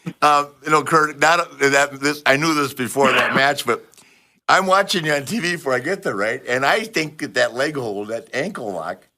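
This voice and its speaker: Man, older, podcast host, animated storyteller, acts out dialogue, laughs a lot, bright tone. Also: medium pitch, normal speed. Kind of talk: casual storytelling chat.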